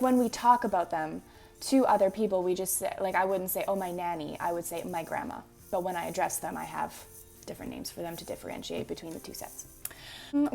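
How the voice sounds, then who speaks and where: Manitoban canadian woman chatting to camera, mid pitch, bit of music behind, explains how she says stuff. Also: darkish tone. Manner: chatty, explains word by word, upbeat. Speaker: vlogger doing an accent tag. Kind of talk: casual talk to camera.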